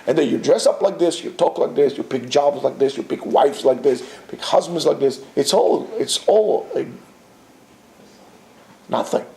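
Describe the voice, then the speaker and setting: A man teaching a Torah class to students, animated and full of rhetorical questions and restarts. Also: medium pitch, moderate pace, gravelly, reverberant, a little hiss or hum. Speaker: yeshiva teacher.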